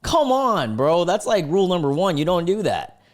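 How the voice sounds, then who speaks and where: A man's voice: high voice, big pitch swings, normal speed. A young man hosting a casual reaction video, laid-back and slangy, often laughing and exclaiming.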